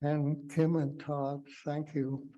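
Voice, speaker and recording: An older man gives a formal speech at a memorial, taking his words very slowly. His voice is mellow and a little high for a man. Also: little pitch movement, lo-fi sound. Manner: slow, measured delivery. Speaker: memorial speaker, retired judge. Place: memorial gathering.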